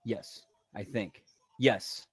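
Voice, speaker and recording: A man's voice: lowish voice, drawn-out words, husky. A man co-hosting a casual wrestling stream, giving short, offhand answers and chatting about music. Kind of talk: casual chat on a wrestling watch-along stream.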